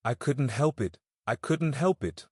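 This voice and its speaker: A man's voice: mid-range voice, expressive, unhurried, slightly rough, dry recording, studio quality, pitched above the performer's own voice. A man voicing a frightened, broken village drifter accused of murder, pleading through sobs in rustic speech. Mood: despairing.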